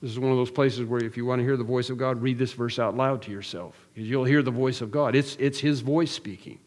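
Preacher guy, earnest, keeps repeating lines for emphasis, mid-pitched voice, long echo like a big hall. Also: fairly even intonation, a little fast, darkish tone. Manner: earnest, emphatic repetition with restarts. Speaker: pastor. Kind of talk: expository sermon.

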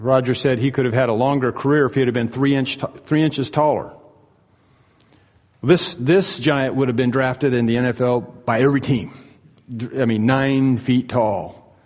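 A man preaching a sermon, telling the story in a folksy, humorous way with many fillers and pauses. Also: medium pitch, a little mellow, in a large hall. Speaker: pastor.

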